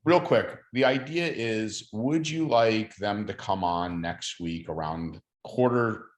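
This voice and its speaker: A man's voice: on the low side, takes it slowly, echoey room. A man with a Long Island New York accent hosting a partner video call in a friendly, chatty way, with frequent ums and uhs. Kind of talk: casual video call chat.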